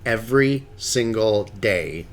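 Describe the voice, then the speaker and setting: A man co-hosting a casual podcast chat, telling movie stories with big playful jumps in his voice. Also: takes it slowly. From Illinois, USA. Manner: animated storyteller, jumps pitch when joking. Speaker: podcast co-host.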